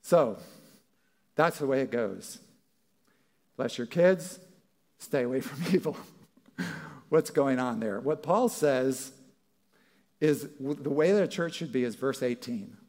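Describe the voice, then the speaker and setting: A man's voice: mid-range voice, animated, slow pace, long pauses, darkish tone. A male pastor preaching a sermon in a church, talking conversationally and acting out what people might say. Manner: conversational, acts out quoted voices.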